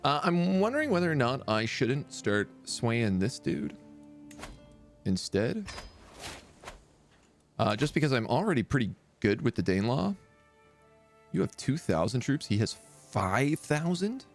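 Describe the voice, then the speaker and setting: A man's voice: mid-range voice, big pitch swings, measured pace, long pauses, faint music behind. A man streaming a strategy game, thinking aloud in casual, chatty live commentary.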